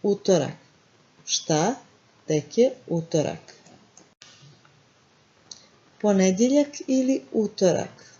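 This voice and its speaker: A woman with a Montenegrin accent teaches vocabulary at an unhurried pace, repeating each word and quizzing the listener. Her voice is low-set and mellow. The recording sounds dull and lo-fi. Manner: repeats words slowly and clearly, quizzing the listener. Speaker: language teacher. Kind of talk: slow language lesson.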